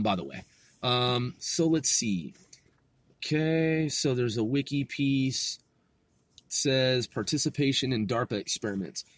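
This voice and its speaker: A man's voice: a little high, no echo. Man reading web pages aloud, thinking aloud. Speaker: conspiracy video host. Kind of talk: casual reading and commentary.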